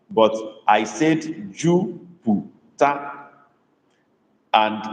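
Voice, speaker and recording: A man teaching a live online language class, patiently repeating words slowly and calling on students by name. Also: lowish voice, a little mellow. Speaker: language tutor. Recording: echoey room with long reverb.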